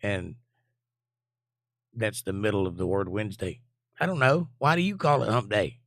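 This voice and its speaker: Hoarse man with a gravelly, scratchy voice. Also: moderate pace, a bit bright, dry recording, clean studio sound. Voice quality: scratchy, low. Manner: laid-back, jokey, reads chat messages aloud. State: hoarse, voice almost gone. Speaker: live stream host reading chat. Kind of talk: casual chat.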